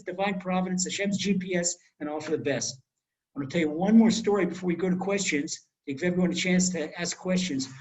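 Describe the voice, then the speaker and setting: A middle-aged man giving a Torah class, telling stories in a lively way and acting out the quoted speech. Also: high voice, poor audio. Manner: animated storyteller, acts out quoted speech. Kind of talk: storytelling Torah lecture. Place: home in Israel.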